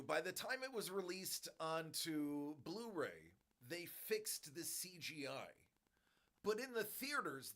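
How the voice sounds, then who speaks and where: A man in his forties, a stream host, ranting in a rambling, animated way about a movie in casual chat. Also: high voice.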